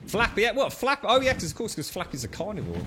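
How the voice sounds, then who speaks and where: A gaming streamer jokes and swears at his pet creature during live game commentary, his voice sitting high with huge pitch swings and a fast delivery. Game music comes through clearly behind him, adding background noise.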